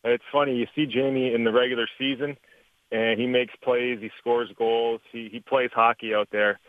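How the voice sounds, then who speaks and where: A Canadian man and former hockey player talks through the game in a relaxed, chatty way, now and then laughing. His voice comes through a tinny phone line. The sound is dry and close. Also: medium pitch, moderate pace, dry recording. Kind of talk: phone interview, hockey analysis.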